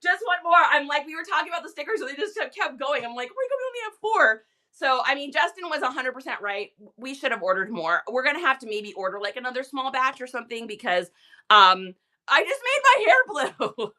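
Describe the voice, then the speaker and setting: A woman's voice: sits high, big pitch swings, brisk, bright, forceful tone. A woman hosting a casual live selling stream who chats loosely, laughs often and fills her talk with "like.". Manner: chatty, laughs often, many "like" fillers. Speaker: livestream seller host. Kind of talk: casual livestream chat.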